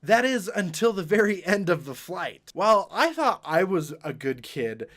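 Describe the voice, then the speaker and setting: High, bright, animated young man. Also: moderate pace. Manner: animated, laughing storyteller. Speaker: vlogger. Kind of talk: storytime vlog.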